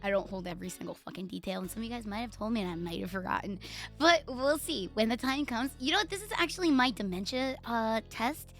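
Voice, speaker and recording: A woman's voice: on the high side, expressive, fast, fairly bright tone, faint music behind. A woman with a Puerto Rican accent chatting casually on a live stream, playful, profane and teasing herself and her viewers.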